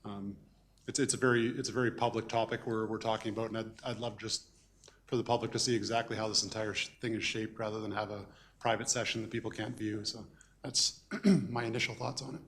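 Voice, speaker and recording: A councillor with a lowish, flat voice speaks hesitantly, repeating words as he goes. He is losing his voice. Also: fast talker. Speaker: town councillor. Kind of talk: council meeting remarks.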